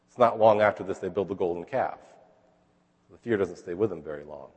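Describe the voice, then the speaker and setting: Husky-voiced preacher in a reverberant hall. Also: male voice, fairly low pitch, animated, fast talker. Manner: conversational, explaining scripture with verbal checks. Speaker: pastor. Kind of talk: sermon.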